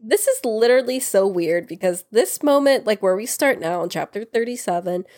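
Chatty young woman with lively pitch. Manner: chatty, sarcastic, acts out characters in quick quotes. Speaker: book podcast co-host. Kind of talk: casual chat.

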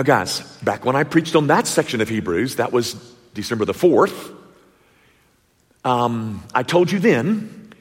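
A man preaching a sermon to his congregation, emphatic, with dramatic pauses and rhetorical questions. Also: on the high side, husky. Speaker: pastor. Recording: long echoey church reverb.

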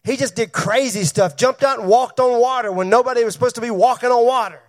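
Very high-voiced male pastor preaching. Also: fast. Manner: preaching to a congregation, calling on members by name and asking questions. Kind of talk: sermon. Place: church.

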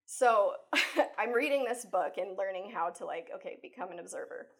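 A woman life coach talking casually as an interview guest, chatty and animated, acting out her own thoughts with lots of "like" and "you know.". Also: medium pitch, normal speed, gravelly. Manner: acts out her own inner thoughts while telling stories. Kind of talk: conversational interview.

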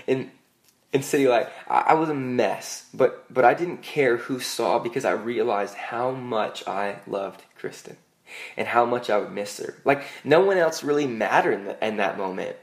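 A young man preaches to a congregation with an easy, chatty delivery. His pitch sits in the middle of the male range, and he moves between scripture and self-deprecating stories, often restarting his sentences. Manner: conversational, self-deprecating storytelling with frequent "like" and restarts. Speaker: pastor. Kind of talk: sermon.

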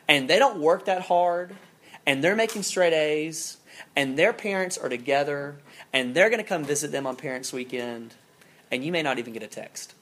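Campus minister, sermon, chatty, animated storytelling, casual fillers. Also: mid-range voice.

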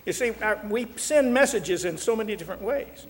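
A man's voice: sits high, lively intonation, a little fast, in a large hall. An older man and marriage counselor teaching in a folksy, joking way, acting out little quotes. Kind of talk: talk show teaching.

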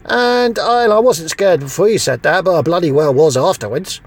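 A man's voice: high voice, moderate pace. A man playing a fed-up young male Jedi trainee in a comedic monologue, rambling and stammering with exasperation.

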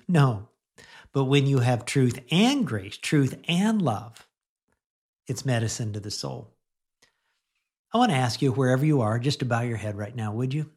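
A middle-aged man giving a conversational radio sermon, chatting gently and laughing now and then, then leading a prayer. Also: medium pitch, sing-song, normal speed, long pauses, husky. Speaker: pastor.

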